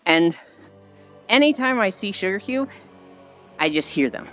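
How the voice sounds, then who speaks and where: Sweaty tired streamer talking while walking, lots of sighs, kinda muffled audio, quiet music behind. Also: medium pitch, big pitch swings, normal speed, pauses often. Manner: chatty storyteller with frequent tired sighs. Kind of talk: casual rambling chat while walking on stream.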